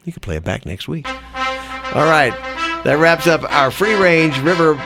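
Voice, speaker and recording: A man's voice: fairly high pitch, sing-song, moderate pace, over music. A man co-hosting a radio morning show, trading wry jokes and easy laughs with his co-host. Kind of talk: casual radio banter.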